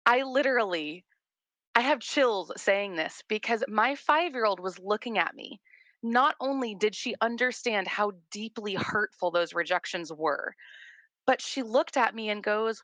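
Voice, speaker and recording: A woman in her thirties, a guest therapist, talking in an animated and earnest way, often repeating words. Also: medium pitch, normal speed, dry recording. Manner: animated storyteller, warm and earnest, repeats words as she talks. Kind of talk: casual conversation.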